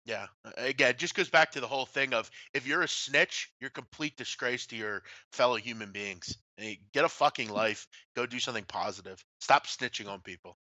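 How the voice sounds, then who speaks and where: A man's voice: medium pitch, a little fast, few pauses, bright, forceful tone, no echo. A man co-hosting a sports betting talk show, ranting bluntly and swearing freely as he tells stories. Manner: blunt and profane, ranting storyteller. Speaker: podcast co-host.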